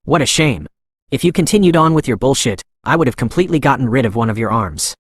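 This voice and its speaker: A man's voice: mid-range voice, expressive, fast talker, slightly rough, dry recording. A man narrating a haughty young prince from a storybook-style recap, spoiled and cruel. He rants and sneers at the people around him in a mid-range voice. The sound is dry and close. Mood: fearful sneering. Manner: ranting, then begging. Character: arrogant young male prince, cruel, panicky.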